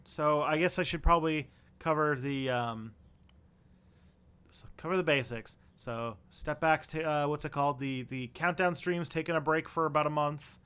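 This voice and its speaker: A man's voice: on the high side, moderate pace, pushed and bright, clear, resonant tone. A man hosting a casual live stream, chatting in a rambling, easygoing way to his viewers. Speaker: livestream host.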